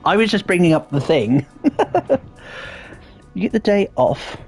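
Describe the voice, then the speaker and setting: Posh-ish english guy chatting on stream, bouncy voice, lots of ums, quiet game music behind. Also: high-pitched, big pitch swings, a little slow, breathy edge. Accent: English, fairly posh southern English. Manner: chatty, playful, trailing off with ums and restarts. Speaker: livestreamer reading chat. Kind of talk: casual livestream chat while gaming.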